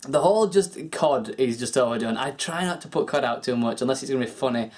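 A man's voice: medium pitch, expressive, fast, darkish tone. A young man vlogging in a rambling, chatty way, answering viewer questions and swearing casually.

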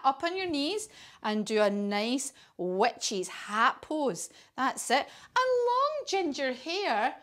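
A woman's voice: high-pitched, fairly bright tone. A woman with a British accent leading a children's yoga class, telling a story in an encouraging, sing-song way. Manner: encouraging, sing-song, coaxing kids along.

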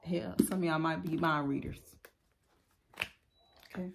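A woman's voice: low-pitched, steady tone, measured pace, creaky, background noise. A woman giving a casual tarot reading, talking bluntly and profanely in a loose, chatty way. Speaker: tarot reader.

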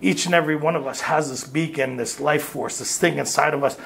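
A man's voice: fairly high pitch, fairly even intonation, a little fast, vocal fry, fairly bright tone, a little hiss or hum. A man speaking to a recovery workshop group, blunt and streetwise, telling his story and laughing at himself. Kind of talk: candid storytelling talk to a group. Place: retreat meeting room.

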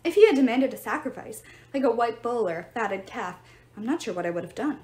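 A woman reading a novel aloud in an expressive, lively storytelling manner. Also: on the high side, brisk. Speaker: audiobook reader. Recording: roomy echo.

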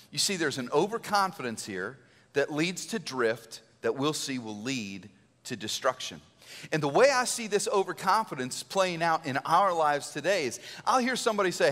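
A male pastor giving an Easter sermon in a church, conversational and animated, acting out quotes. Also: a little high, moderate pace. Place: church sanctuary. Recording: church hall reverb.

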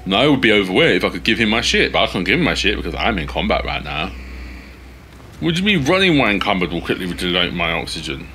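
A man casually commentating his video game play, swearing often and yelling at in-game companions. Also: low-pitched, very animated, quick pace, slight background noise. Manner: swears a lot, shouts at teammates. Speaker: gaming streamer.

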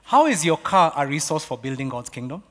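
A man's voice: fairly high pitch, very animated, brisk. Man preaching in a reverberant hall. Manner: swings from hushed asides to loud exhortation. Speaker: pastor. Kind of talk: sermon. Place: church auditorium. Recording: long reverb of a church hall.

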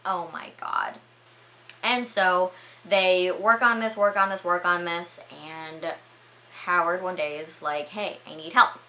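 A young woman vlogger recapping a movie in a chatty, excitable way, full of filler words. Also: on the low side, slow.

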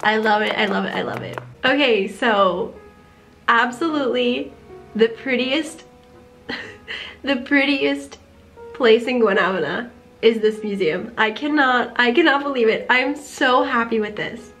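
A woman giving casual gameplay commentary, excitable and easily delighted, gasping and giggling as she explores. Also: on the high side, unhurried, faint music behind. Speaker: game streamer.

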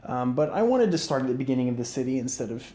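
A man hosting a casual let's-play, talking through his moves in a relaxed, rambling way with lots of fillers and restarts, yawning and sleepy. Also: mid-range voice, fast talker. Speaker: gaming channel host. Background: faint game music.

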